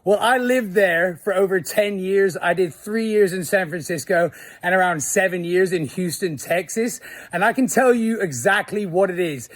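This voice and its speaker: Man, high voice, dry close sound, measured explaining. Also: dry recording.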